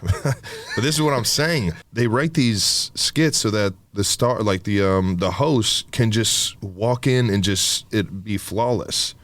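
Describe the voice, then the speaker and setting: A man's voice: lowish voice, slow pace, fairly bright tone. A man co-hosting a podcast, talking in a rambling, casual way full of fillers and swearing. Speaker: podcast co-host.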